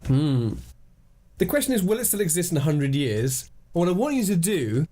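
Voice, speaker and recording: A man's voice: fairly high pitch, very animated, warm tone. A young man co-hosting a podcast, chatting playfully and laughing easily. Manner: playful, jokey, quick to laugh. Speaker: podcast co-host. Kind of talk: casual chat.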